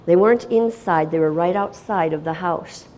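Her pitch on the low side and her speed normal, a middle-aged woman recounts her missionary testimony dramatically, moving between quiet, hushed moments and loud, excited eruptions.

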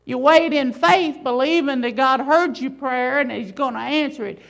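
A woman's voice: high voice, moderate pace, creaky, low-quality recording. A woman preacher delivering a sermon, emphatic and full of rhetorical questions.

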